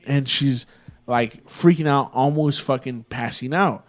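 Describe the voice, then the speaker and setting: A man's voice: medium pitch, a little slow. A young man from Texas, a podcast co-host, telling a long rambling story in a casual, profane way. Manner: profane, rambling, laid-back.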